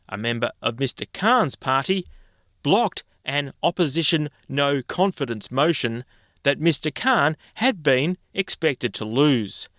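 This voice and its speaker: A man reading the news in a measured, clear studio delivery. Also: a little high, fairly bright tone, no echo. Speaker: news presenter. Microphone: studio microphone.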